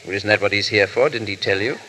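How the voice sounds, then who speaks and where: A man's voice: on the low side, fast talker, sharp tone, poor audio. An actor playing a foppish, affected English baronet who prattles fussily and fills his talk with exclamations. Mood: dry.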